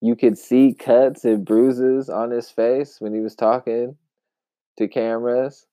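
A man giving casual commentary in an emphatic, wry way, with long pauses, on a dull, dry lo-fi recording. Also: medium pitch, level tone, dark tone, no room sound. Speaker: commentary vlogger.

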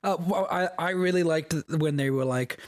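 A man co-hosting a podcast, chatty and easygoing, often breaking into laughter. His voice sits a little higher than most men's. The close mic gives a dry sound with no room in it. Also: moderate pace, no room sound. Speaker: podcast co-host. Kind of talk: casual chat.

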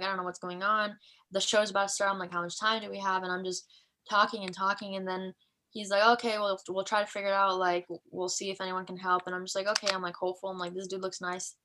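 A woman in her twenties, co-hosting a podcast, telling a story in casual chat and acting out the quotes in high voices. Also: pushed and bright, a little hiss or hum, rough recording. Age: 20s. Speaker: podcast co-host.

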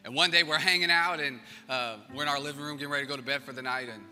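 A male pastor preaching a sermon, swinging from loud, rising passages to hushed near-whispers. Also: a little high, rapid-fire. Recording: reverberant hall with music behind.

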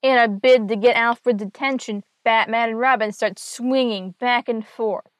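A woman's voice: a little high, steady tone, moderate pace, no room sound. A woman hosting a podcast, casually recapping a comic story with wry, dry asides.

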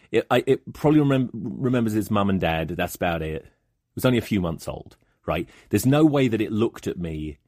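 A man's voice: fairly low pitch, a little mellow, no echo, clean studio sound. A man hosting a podcast, telling rambling, profane comic stories in a monologue. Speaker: podcast host.

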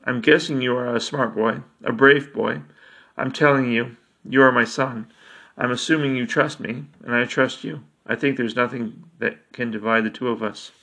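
A man's voice: medium pitch, steady tone, normal speed, vocal fry, sharp tone. A man voicing a stammering, nervous father figure. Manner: stammering, hedging.

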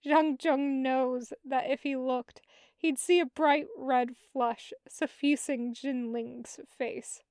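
Podfic narrator, woman, high voice, tender unhurried delivery. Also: fairly even intonation, darkish tone, no echo, studio quality. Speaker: podfic reader. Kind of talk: audiobook narration of fan fiction.

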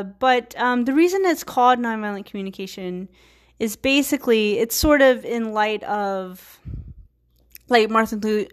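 A woman in her thirties, from Virginia, hosting her own podcast and talking casually with many fillers and restarts. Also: fairly high pitch. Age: 30s. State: a little tired. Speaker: podcast host. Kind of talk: casual solo talk.

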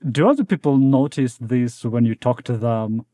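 A man hosts a tech podcast with a mellow, relaxed voice. He is chatty and laughs often as he leads the talk. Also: medium pitch, moderate pace. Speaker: podcast co-host. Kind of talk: podcast hosting.

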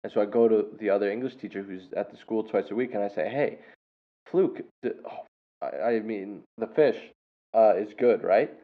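A man's voice: fairly low pitch, fairly even intonation, brisk. A man hosting a show and telling a story in a casual, rambling way, with many fillers and self-corrections. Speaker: podcast host and English teacher. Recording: tinny phone-like sound.

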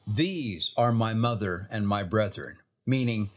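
Man telling an earnest scripture story. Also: lowish voice. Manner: earnest, reads scripture quotes aloud slowly.

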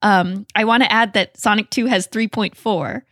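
A woman's voice: mid-range voice, fairly even intonation, moderate pace, a bit bright, no room sound, clean studio sound. A woman co-hosting a film podcast, chatting in a bubbly, enthusiastic way and giggling between phrases. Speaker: podcast co-host. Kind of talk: casual chat.

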